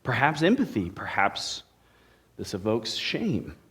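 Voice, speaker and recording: A man's voice: fairly low pitch, big pitch swings, slow pace, fairly bright tone. A male pastor preaching a sermon in a conversational way, with playful asides to the congregation. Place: church sanctuary.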